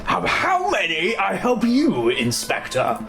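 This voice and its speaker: A smug aristocratic baron, as a man puts him on, drawling in a put-on posh English accent. The voice sits a touch higher than usual and swoops about with lively pitch, and music plays behind him in a video game. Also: slow pace, creaky, exaggerated voice. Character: posh pompous male baron, wealthy aristocrat.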